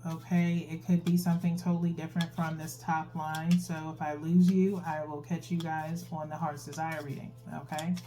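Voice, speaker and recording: A woman's voice: lowish voice, mellow. A woman giving a casual tarot reading, chatty and explaining, who keeps tagging her sentences with a questioning "okay?". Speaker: tarot reader. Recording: faint instrumental music behind.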